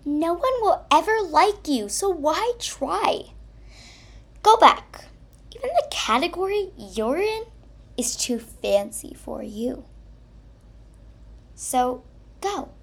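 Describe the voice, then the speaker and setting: A woman's voice: very high-pitched, big pitch swings, takes it slowly, pauses often, voice pushed up, full character voice. A woman voicing Toilet Paper, a cheeky female roll of toilet paper who schemes with her best friend. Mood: cruel.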